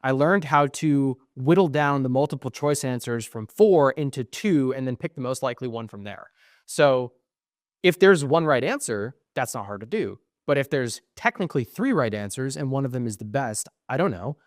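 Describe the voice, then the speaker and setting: A young man co-hosts a podcast and tells a long, rambling personal story. He swears freely and acts out both sides of the conversation. His voice sits at an average pitch, and the recording is dry and close. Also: moderate pace, no echo. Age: young adult. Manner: animated, profane, acts out quoted exchanges. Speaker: podcast co-host. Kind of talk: casual storytelling.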